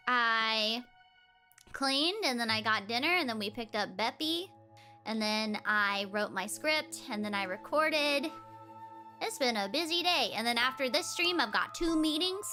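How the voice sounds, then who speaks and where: A woman's voice: fairly high pitch, bright, forceful tone. A young woman in her twenties streaming as a VTuber, chatting casually and giggling often. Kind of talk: casual livestream chat. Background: faint background music.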